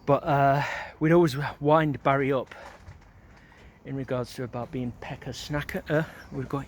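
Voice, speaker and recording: This vlogger, a middle-aged man, talks at normal speed with a medium pitch and fairly even intonation while walking around an outdoor neighbourhood, over slight background noise. He rambles through memories, filling gaps with filler words and casual swearing.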